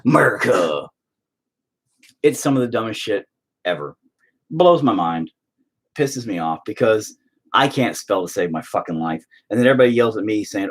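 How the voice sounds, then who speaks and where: A man's voice: on the low side, animated, moderate pace, pauses often, breathy edge. A middle-aged man hosting a painting video, chatting casually and ranting with heavy profanity in exasperation. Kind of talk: casual chat while painting.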